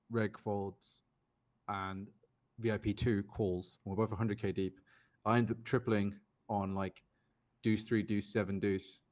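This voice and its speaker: A young British man, a poker player and podcast guest, telling casual stories and quoting others in raised, lively voices. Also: lowish voice. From United Kingdom. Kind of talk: casual storytelling.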